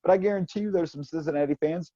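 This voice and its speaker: A man co-hosting a casual sports chat, blunt and quick to swear, laughing often. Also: fairly high pitch, mellow, no room sound. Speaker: podcast co-host. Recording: dry, dull lo-fi sound.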